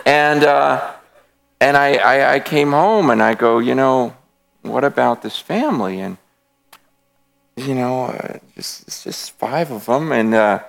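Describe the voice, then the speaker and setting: A man's voice: medium pitch, takes it slowly, creaky. A man speaking to a gathered room, telling a passionate personal faith story in an earnest, emphatic way with touches of self-deprecating humor. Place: room with a live audience.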